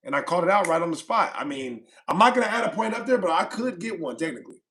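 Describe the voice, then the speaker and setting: A man hosting a live stream, teasing and arguing with a caller in rapid questions. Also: high voice, expressive, fairly bright tone, a little hiss or hum. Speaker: stream host. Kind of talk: casual live-stream debate.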